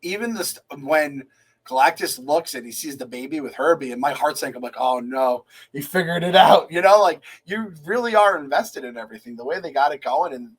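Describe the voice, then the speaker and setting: A man co-hosting a podcast, excitably acting out his own reactions in a casual movie review chat. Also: a little high, fairly quick, slightly rough, poor audio. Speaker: podcast co-host.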